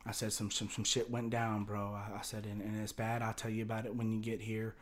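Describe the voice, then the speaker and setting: Guy rambling through a crazy story, swears a lot, lots of um and you know. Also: fairly quick. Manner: rambling and profane, with many fillers and restarts; drops low and quiet for tense parts, gets loud and high for excited quotes. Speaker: storyteller guest. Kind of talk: casual storytelling.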